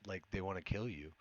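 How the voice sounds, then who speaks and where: A man's voice: lowish voice, a bit bright, dry recording, dull audio. A young man casually commenting on a game he is playing live, joking around and swearing freely. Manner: laid-back, joking, swears, frequent laughs. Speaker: streamer.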